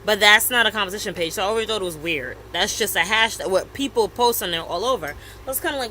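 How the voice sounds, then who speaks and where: A woman in her thirties co-hosting a podcast, chatting casually and telling a story with animated retellings of messages. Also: mid-range voice, fast, a little hiss or hum, rough recording. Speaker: podcast co-host. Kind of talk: casual chat.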